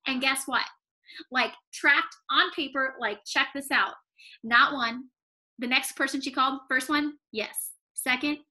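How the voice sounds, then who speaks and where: A woman leading a sales team, giving an energetic motivational talk, repeating phrases for emphasis. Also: high-pitched.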